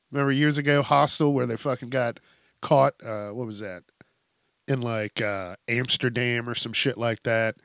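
A man's voice: medium pitch, steady tone, a little slow, creaky, a bit bright, dry recording, studio quality. A man hosting a podcast, telling stories in a casual, profane way and laughing often. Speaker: podcast host. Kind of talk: casual comedic storytelling.

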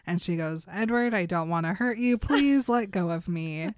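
A woman's voice: lowish voice, animated, normal speed, clear, resonant tone, no room sound, studio quality. A woman casually recapping a book, acting out the characters' lines as she goes.

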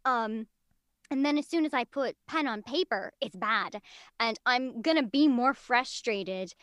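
A woman chats as a podcast guest, rambling through her thoughts and laughing often. Her voice is a little high for a woman. The sound is dry and close to the mic. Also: expressive, a little slow, fairly bright tone, no room sound. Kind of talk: casual chat.

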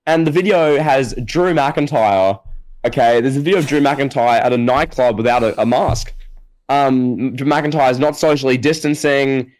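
Male podcast co-host, mid-pitched, animated hyperbolic storyteller. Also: moderate pace, poor audio. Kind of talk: casual podcast chat.

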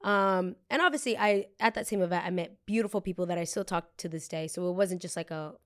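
A woman's voice: on the low side, fairly quick. Blunt young woman from New Jersey. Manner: blunt, animated, swears freely; acts out other people's lines in the story. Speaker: podcast host. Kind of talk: casual storytime monologue.

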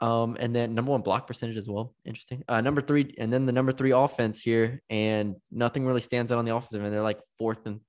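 Male co-host, mid pitch, casual stat-heavy basketball talk. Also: fairly even intonation, fast, hardly any pauses, a little mellow. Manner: talks through stats, trips over words. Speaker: podcast co-host. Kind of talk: casual sports chat.

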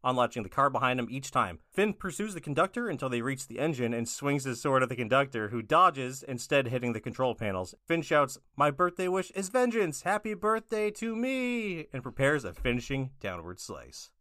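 Man recapping a cartoon in relaxed chat. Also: medium pitch, fairly quick, hardly any pauses, no echo, studio quality. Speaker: podcast co-host.

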